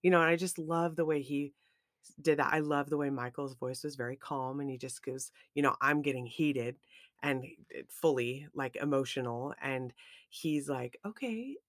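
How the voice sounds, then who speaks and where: A woman's voice: extremely low pitch, normal speed, no echo, clean studio sound. Heartfelt woman in casual podcast talk. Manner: emotional, expressive, heartfelt. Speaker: podcast co-host. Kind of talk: casual chat.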